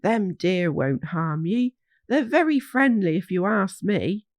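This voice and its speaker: A woman voicing a kindly old male hog who keeps watch over the woods, with rustic folksy speech and a gentle, soothing manner. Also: medium pitch, lively intonation, slow pace, no echo, clean studio sound.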